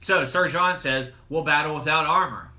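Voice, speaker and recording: A man's voice: a little high, moderate pace, sharp tone. A young adult man co-hosting a casual movie review podcast, retelling the plot at length in a loose, profane way. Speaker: podcast co-host.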